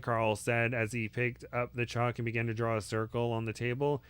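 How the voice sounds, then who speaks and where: A man reading a novel aloud in a steady way, with small slips and restarts. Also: medium pitch, normal speed, hardly any pauses, smooth. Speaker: reader.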